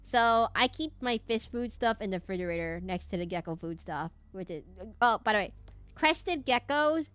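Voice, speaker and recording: A woman's voice: fairly high pitch, expressive, normal speed, a bit bright, clear, resonant tone, no echo. A young woman streaming a game and chatting casually, rambling off on tangents with lots of fillers and restarts. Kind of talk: casual gameplay stream chat.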